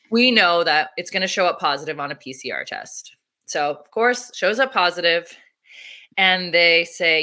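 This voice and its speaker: A woman doula talking casually in an interview, animated and laughing often as she acts out her own remarks. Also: lowish voice, moderate pace. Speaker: doula and activist.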